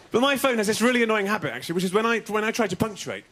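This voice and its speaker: A man doing a stand-up comedy set on a TV show, telling observational jokes in an animated way. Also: sits high, racing, a little hiss or hum. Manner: animated, mock French and mock-suave voices. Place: TV comedy studio stage. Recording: TV studio with loud audience laughter.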